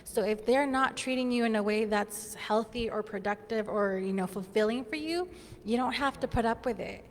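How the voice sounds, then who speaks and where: Earnest higher-voiced woman coach. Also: long reverb tail, a little hiss or hum. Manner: earnest, deliberate, advising. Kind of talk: live panel discussion.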